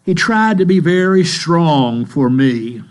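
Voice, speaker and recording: An older man preaching a sermon in a church, telling stories in a slow, earnest way. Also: a little high, animated. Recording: mains hum in the background.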